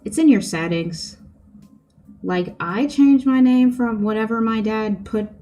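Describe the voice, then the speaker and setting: A woman's voice: on the high side, measured pace, dark tone, soft background music. A young woman streaming, chatting casually with her viewers, giggly and full of fillers. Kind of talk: casual chat with livestream viewers.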